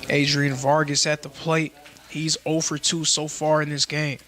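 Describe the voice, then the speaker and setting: A male play-by-play announcer calling a college baseball game. His voice sits a little high for a man and has a bright, forceful edge. He keeps a steady, informative delivery between pitches. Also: moderate pace. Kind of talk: live baseball commentary.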